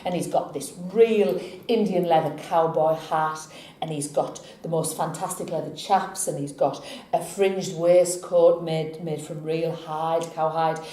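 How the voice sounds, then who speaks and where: A woman's voice: sits low, dark tone, echoey room. A woman hosting a tarot vlog, chatting casually, telling a joke and laughing often, sometimes breaking into song.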